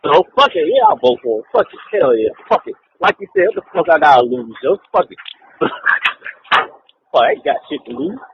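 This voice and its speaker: This man's fairly high, gravelly voice swings hugely in pitch and runs a little fast. He's co-hosting a casual podcast, rambling profanely and laughing often between remarks, heard through an online call with dull lo-fi audio and faint hiss.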